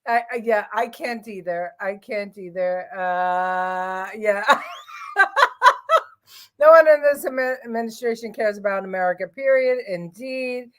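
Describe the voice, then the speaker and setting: A middle-aged woman hosting a live talk stream, reading viewer comments aloud with frequent laughs and halting pauses. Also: mid-range voice. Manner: laughs often, halting as she reads comments. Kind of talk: casual live-stream chat.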